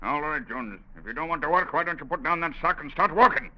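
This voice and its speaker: A man's voice: a little high, lively intonation, quick pace, lightly acted. An actor playing a brusque, bossy camp foreman in a 1930s radio drama, dropping in Scottish words. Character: gruff middle-aged male camp foreman. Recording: dull lo-fi old radio recording.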